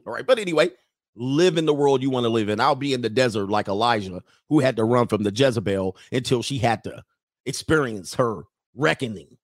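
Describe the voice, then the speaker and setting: A man hosting a livestream as a coach talks bluntly and crudely, and he often turns preachy. His voice sits at an average pitch. The sound is dry and close, with almost no room echo. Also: brisk. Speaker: coach, podcast host. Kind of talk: livestream commentary reading chat.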